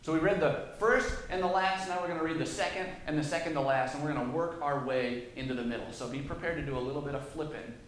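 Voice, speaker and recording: A man with a fairly high voice delivers a sermon. He reads the scripture aloud and then explains it in a conversational way. His voice rings out in a very echoey room. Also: quick pace, hardly any pauses, a little hiss or hum. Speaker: preacher.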